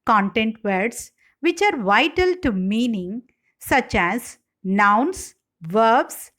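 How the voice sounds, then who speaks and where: A woman giving a slide-based English lecture, reading out example words one by one in a slow, deliberate way. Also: on the high side, animated, a bit bright.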